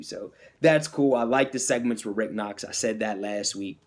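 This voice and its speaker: A man's voice: normal speed, few pauses. A man hosting a podcast, chatting casually and enthusiastically through a wrestling recap, full of fillers and restarts. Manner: acts out quotes in a higher voice. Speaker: podcast host.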